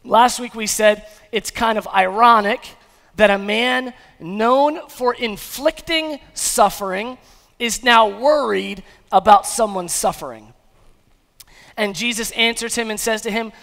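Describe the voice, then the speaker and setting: A male pastor delivers an energetic sermon, playing out voices and driving home repeated questions. His voice sits very high with a bright, forceful edge and a gravelly grain. It rings with the long reverb of a church hall. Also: a little slow. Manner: energetic preacher, acts out the crowd's reactions; builds to rousing repeated questions.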